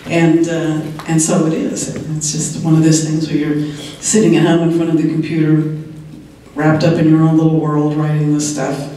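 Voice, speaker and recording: A woman in her sixties tells stories on a convention panel as a TV writer, chatting and laughing often, her voice a little hoarse. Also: deep voice, completely flat delivery, moderate pace, dark tone, a little hiss or hum. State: slightly hoarse, clearing her throat. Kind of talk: anecdotal convention talk. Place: large convention hall. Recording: very echoey hall, voice heard from far off.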